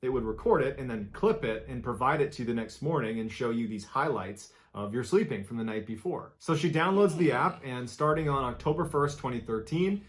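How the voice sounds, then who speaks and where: Male horror storyteller, scripted, mid pitch, measured suspense.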